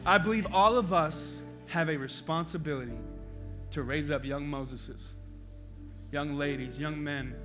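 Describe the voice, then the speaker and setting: Man, pastor, impassioned sermon, hushed to loud swings, bright forceful voice, faint music behind. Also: on the high side, measured pace.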